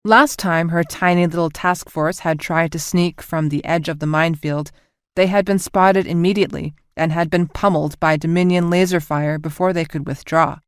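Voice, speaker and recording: A woman narrates a sci-fi novel with an even, clear delivery and gives every character a voice of her own. Her tone is smooth and slightly low. The recording is close and dry, with no room sound. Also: moderate pace, dry recording. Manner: even, clear reading, voicing all characters. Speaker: audiobook narrator. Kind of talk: scripted audiobook narration.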